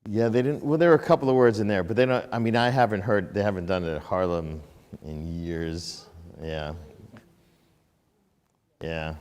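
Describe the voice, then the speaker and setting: A man's voice: low-pitched, normal speed, long pauses, a little mellow, smooth. A man leading a livestreamed prayer service in a sanctuary. He sings chanted prayers and makes casual, rambling remarks between them. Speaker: service leader. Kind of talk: singing prayers and chatting with an online congregation. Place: synagogue sanctuary. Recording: long reverb of a large sanctuary.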